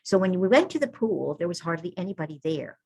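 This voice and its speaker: A middle-aged woman with a low, slightly husky voice talks about her work as a birth keeper. She speaks earnestly and informally and often pauses for a reassuring "all right" or "okay". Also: big pitch swings, a little mellow, low-quality recording. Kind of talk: informal talk to an audience.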